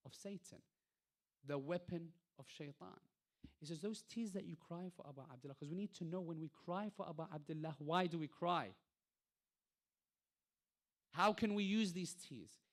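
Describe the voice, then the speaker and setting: A male lecturer delivering a religious talk, posing rhetorical questions and swinging between soft passages and emphatic peaks. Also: fairly high pitch, normal speed. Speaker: lecturer at an Islamic centre.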